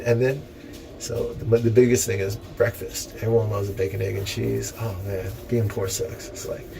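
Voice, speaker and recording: A man's voice: medium pitch, creaky. A young man rambling profanely as he reads aloud from a book and adds jokey asides. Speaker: vlogger reading and commenting on a book. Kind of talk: rambling casual commentary. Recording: noisy background ambience.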